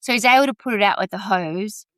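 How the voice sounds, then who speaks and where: A woman hosting a podcast, telling a true-crime story in a chatty, animated way with many asides. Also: mid-range voice, fast talker, dry recording. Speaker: podcast host.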